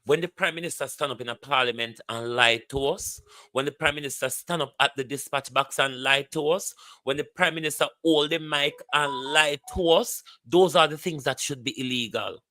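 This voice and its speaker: A man's voice: medium pitch, normal speed, bright, forceful tone, dry recording. A Jamaican man vlogging heated political commentary, ranting bluntly and swearing freely.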